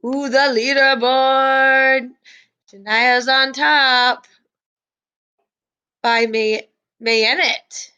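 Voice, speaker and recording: Woman teacher, high voice, slow unhurried delivery, reading quiz questions, chatty. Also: fairly even intonation, bright, forceful tone, smooth, highs cut off. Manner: chatty, laughs easily, reads quiz questions aloud. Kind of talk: live online class quiz review.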